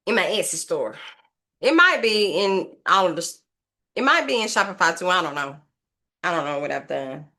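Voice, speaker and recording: A woman's voice: on the low side, very animated, moderate pace, sharp tone. A woman casually narrating a craft tutorial, thinking aloud and rambling to her viewers as she works. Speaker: craft vlogger.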